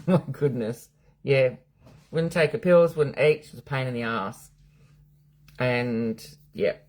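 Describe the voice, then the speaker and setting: A woman's voice: a bass voice, slow, long pauses, a little mellow. A middle-aged Australian woman, a psychic medium hosting a live stream from home, chatting casually, bluntly and with plenty of swearing while answering viewers' comments.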